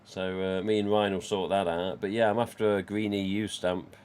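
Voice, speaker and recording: A man's voice: low voice, steady tone, moderate pace, darkish tone, clean tone. A man, casually chatting and rambling on a live stream from home. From England. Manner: rambling, chatty, reads out chat.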